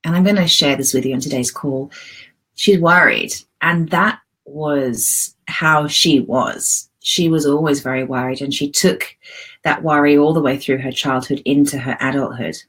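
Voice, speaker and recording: A middle-aged woman coaching a live group video call, guiding a visualization softly and gently, tearful and pausing often. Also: deep voice, breathy edge, rough recording.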